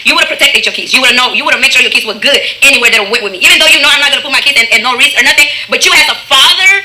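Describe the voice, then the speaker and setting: A woman's voice: sits high, racing, heavy background noise. A woman intensely telling her own story of a relationship, speaking straight to her listeners. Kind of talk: emotional personal storytelling.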